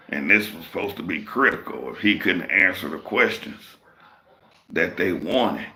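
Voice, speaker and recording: A man's voice: low voice, moderate pace, sharp tone. A man hosting a livestream, telling a rambling, profane work story in casual talk. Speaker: livestream host.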